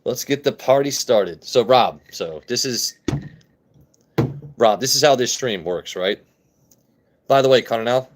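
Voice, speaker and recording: Tasting whiskey at his desk mic, a man with a somewhat low voice hosts a relaxed live stream, chatting and joking playfully with viewers as he reads and greets the chat. He speaks at a moderate pace, with long pauses.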